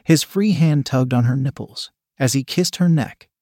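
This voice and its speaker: A man narrating an adult story in a steady, even reading voice. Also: mid-range voice, normal speed, dry recording, studio quality.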